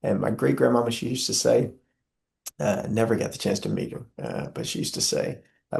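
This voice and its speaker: A man's voice: lowish voice, normal speed, gravelly, darkish tone. A young man, speaking as an interview guest in an earnest, preacherly way with many filler "uh"s. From Southern US. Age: young adult. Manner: impassioned, preacherly, frequent filler "uh".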